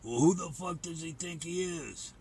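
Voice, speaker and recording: A man voicing a cocky, aggressive young man, pitched up high. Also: normal speed, creaky, darkish tone, breathy edge, full character voice. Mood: hostile. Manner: aggressive, mocking.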